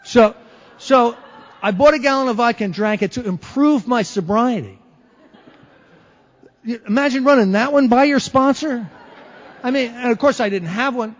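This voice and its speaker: High-voiced man telling a wry recovery story. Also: normal speed, long pauses. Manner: animated, wry storyteller who acts out moments. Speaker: recovery meeting speaker. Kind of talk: personal recovery story told to a meeting. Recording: lo-fi recording in a reverberant hall.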